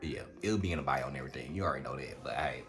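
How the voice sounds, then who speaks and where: Young man, animated storytime, low voice. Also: rapid-fire. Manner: animated, chatty storytelling with lots of fillers. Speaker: vlogger. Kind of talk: casual storytime vlog. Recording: music playing underneath.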